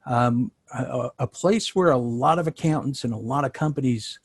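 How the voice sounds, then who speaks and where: A man with a New York accent talks through his answers in a relaxed, conversational way, full of fillers and restarts. His mid-pitched voice has a slightly husky edge. The sound is dry and close, with no room around it. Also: moderate pace, no echo. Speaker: sales tax consultant. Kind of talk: interview answers.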